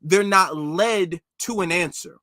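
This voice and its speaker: A man's voice: sits high, slow, pushed and bright, no room sound, studio quality. A man hosting a commentary show, reacting casually and emphatically, repeating his points. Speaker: commentary channel host.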